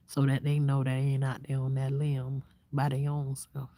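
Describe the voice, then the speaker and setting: A woman vlogger talking casually and reflectively to her viewers, soft-spoken and half-whispering, sitting outdoors at night in the quiet countryside. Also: very deep voice, flat delivery, moderate pace, hardly any pauses. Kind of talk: casual heartfelt talk to viewers.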